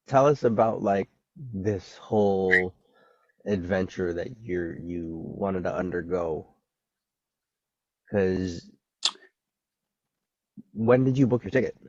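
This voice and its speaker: A low-voiced man hosts a casual podcast at an unhurried pace. He sounds loose and laid-back, with a dull, lo-fi recording and a dry sound. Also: darkish tone, no room sound. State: recovering from covid. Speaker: podcast host.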